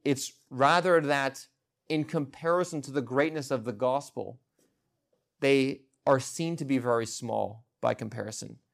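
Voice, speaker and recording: A man's voice: medium pitch, unhurried, vocal fry. A man preaching an expository sermon in an earnest, emphatic way, with frequent restarts and fillers.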